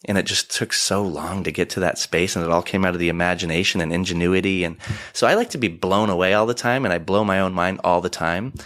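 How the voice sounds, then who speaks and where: Man, 40s, podcast guest, deep voice, reflective and animated. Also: fast. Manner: earnest, animated storytelling with acted-out asides. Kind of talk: reflective conversational talk. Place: studio, in person.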